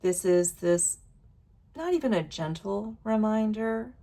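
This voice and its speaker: A woman reading oracle cards aloud in a casual vlog, slow and emotional, sighing and interrupting herself. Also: mid-range voice, lively intonation, mellow. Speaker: oracle card reader. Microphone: wireless earbuds.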